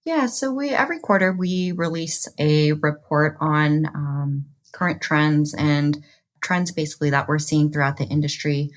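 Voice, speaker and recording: A woman's voice: sits low, moderate pace. A woman guest in an interview, explaining industry data in a matter-of-fact way. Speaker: interview guest, trust and safety architect. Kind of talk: interview answer.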